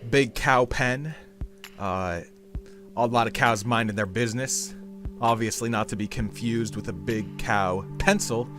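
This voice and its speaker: A man's voice: medium pitch, measured pace, over music. A man hosting a gameplay video, rambling with absurd jokes and calling the listener dude. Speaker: gaming video host.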